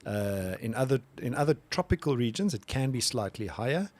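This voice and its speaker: A man co-hosting a casual podcast, chiming in briefly and reading information aloud with halting restarts. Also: mid-range voice, very animated, darkish tone. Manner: reads search results aloud with halting restarts. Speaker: podcast co-host. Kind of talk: casual chat.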